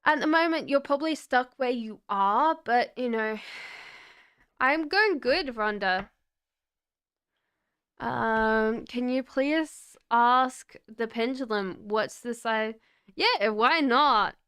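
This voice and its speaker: Casting note: young Australian woman, tarot reader on a live stream, chatty and upbeat, unhurried delivery, slightly high voice. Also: a bit bright, clear, resonant tone. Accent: Australian, softened by years in Britain. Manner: chatty and upbeat, laughs often, talks straight to viewers by name.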